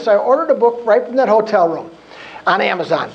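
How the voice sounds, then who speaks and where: This guest speaker in his fifties talks fast in a high, husky voice over lo-fi sound. Giving a humorous workshop talk to a career group, he's an animated storyteller, acting out the things he once said and heard.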